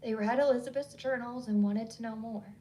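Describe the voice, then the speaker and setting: A woman voicing an insistent Southern woman with a Southern accent, who stays calm while she presses hard. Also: on the high side, fairly quick, far from the mic, natural voice. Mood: urgent, insistent. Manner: calm but pressing, pleading.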